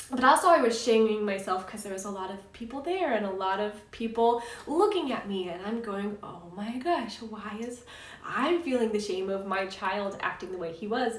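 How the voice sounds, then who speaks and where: A woman in her thirties, a parenting coach, telling a personal story in an earnest, chatty way and checking in with "right?". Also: mid-range voice. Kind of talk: casual advice talk to camera. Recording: roomy echo, slightly distant mic.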